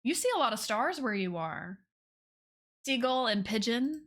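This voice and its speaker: Bubbly, bright-voiced young woman streamer. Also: a little slow. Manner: bubbly, gushing, swoops up high when excited. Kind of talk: casual live-stream chat with viewers.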